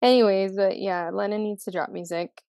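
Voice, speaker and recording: Gravelly-voiced young woman podcast host. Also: medium pitch, fairly even intonation, normal speed, mellow, no echo. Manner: chatty, laughs often, gushing. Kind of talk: casual chat.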